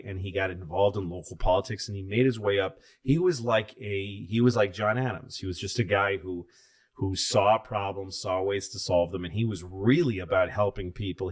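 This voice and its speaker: Low-voiced man telling rambling stories. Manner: rambling, profane storytelling. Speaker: comedian. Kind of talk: casual podcast chat.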